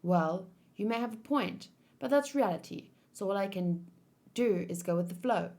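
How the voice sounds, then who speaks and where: A woman's voice: medium pitch, animated, moderate pace, warm tone, close to an everyday voice. Woman reads a smug young trainee soldier, blunt and self-serving, in a manga read-along.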